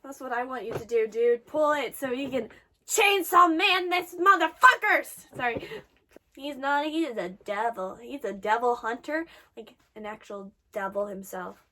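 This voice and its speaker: A woman's voice: a little high, fairly even intonation, moderate pace, a little hiss or hum. A woman giving emotional reaction commentary while watching an anime, swearing and exclaiming.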